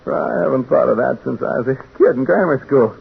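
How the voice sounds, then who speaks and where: An actor playing a nervous, chatty radio announcer who stammers and rambles, in a 1940s radio drama. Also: male voice, mid-range voice, animated, brisk, creaky, slight background noise. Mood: uneasy. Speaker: radio announcer in a haunted house. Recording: tinny old 1940s radio broadcast.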